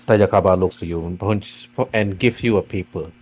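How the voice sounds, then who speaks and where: Game master, male, low husky voice, rambling narration with restarts, faint mains hum. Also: steady tone, a little fast, a little mellow. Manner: meandering, restarts often while narrating.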